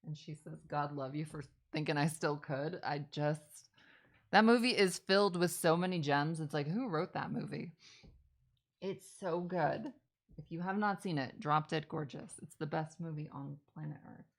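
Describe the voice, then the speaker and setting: A woman's voice: deep voice, moderate pace, rough recording. A woman hosting a casual live stream, chatting and answering viewer questions while she works, rambling and correcting herself as she goes. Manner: chatty, rambling, self-correcting, enthusiastic about films. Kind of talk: casual chat. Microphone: streaming setup while working on a craft.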